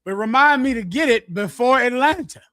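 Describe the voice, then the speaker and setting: A man preaching through scripture verse by verse, repeating his points forcefully and acting out an addict's pleading. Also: very high-pitched, expressive, a little fast, dry recording, studio quality. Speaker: teacher leading a scripture breakdown.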